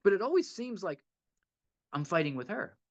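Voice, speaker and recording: A man's voice: high-pitched, big pitch swings, normal speed, lo-fi sound. A man giving a heartfelt, rambling talk at a recovery meeting, often repeating himself and laughing a little.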